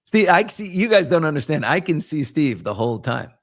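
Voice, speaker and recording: A man's voice: on the high side, big pitch swings, brisk. A man in his fifties from New York, hosting a casual live chat and answering viewers, rambling and self-reflective with joking asides. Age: 50s. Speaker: host.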